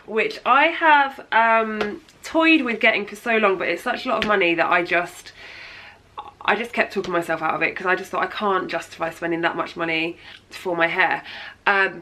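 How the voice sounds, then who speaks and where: A woman's voice: medium pitch, bright, forceful tone, low-quality recording. A thirty-year-old woman with a chatty, gushing manner, showing birthday gifts in a casual vlog. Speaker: beauty vlogger. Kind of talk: casual haul chat.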